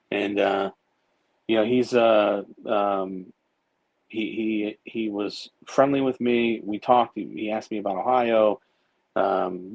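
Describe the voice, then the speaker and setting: A man's voice: lowish voice, dry recording, low-quality recording. A man guesting on a podcast, telling long, rambling stories with plenty of fillers and some swearing. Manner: rambling, profane, many fillers and restarts. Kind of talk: casual storytelling.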